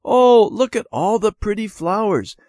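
A man's voice: unhurried, no echo, studio quality, heavily acted. A man voicing a stubborn, eager young girl in a storybook lesson. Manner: high excited childlike voice.

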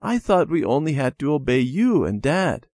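A man's voice: on the high side, very animated, moderate pace, a little mellow, dry recording, pitched above the performer's own voice. A man voicing a defiant young boy in a storybook lesson.

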